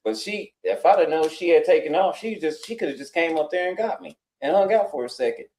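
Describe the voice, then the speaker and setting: A man's voice: on the high side, lively intonation, brisk, hardly any pauses, darkish tone, a little hiss or hum. A man telling a long story in casual talk, acting out what other people said in changed voices. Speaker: guest on a live talk stream. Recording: roomy echo.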